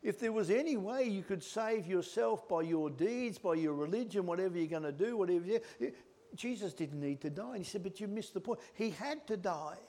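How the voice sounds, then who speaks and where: A middle-aged male preacher giving a sermon, swinging from loud emphatic lines to hushed whispered words. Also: high voice, expressive, brisk.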